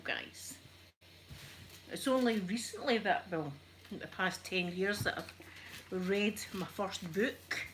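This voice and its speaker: A Scottish woman making a casual, soft-spoken ASMR chat video at home while ironing, rambling and poking fun at herself. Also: on the low side, background noise. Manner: chatty, rambling, self-deprecating. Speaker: ASMR YouTuber.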